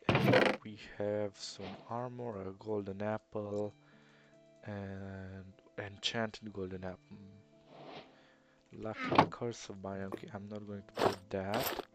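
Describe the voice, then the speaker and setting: A young let's player with an Eastern European accent and a lowish voice rambles through casual gameplay commentary. He sounds hesitant and self-deprecating.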